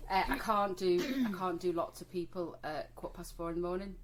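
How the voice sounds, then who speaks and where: A middle-aged woman co-hosting a podcast, telling holiday stories in a chatty, animated way and swearing freely. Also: fairly low pitch, fairly quick, background noise. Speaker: podcast co-host. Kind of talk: casual chat.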